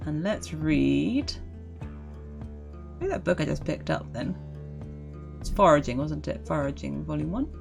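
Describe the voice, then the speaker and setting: Woman streamer, lowish voice with lively swings, giggly, casual play-by-play, faint music behind. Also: unhurried, vocal fry, long pauses. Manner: giggly, chatty, talks to zombies. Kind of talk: casual gameplay commentary.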